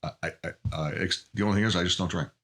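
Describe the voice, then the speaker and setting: A middle-aged man with a very low, forceful voice, answering interview questions with earnest openness. He talks in halting bursts, often restarting his sentences. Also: steady tone. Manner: earnest, emotionally open, halting. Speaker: podcast guest. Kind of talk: candid interview conversation.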